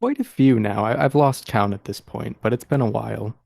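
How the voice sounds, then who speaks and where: A man's voice: on the low side, fairly quick, vocal fry, a little mellow, no room sound, studio quality. A man playing in a tabletop role-playing game, speaking in a hesitant, laid-back way. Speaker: player.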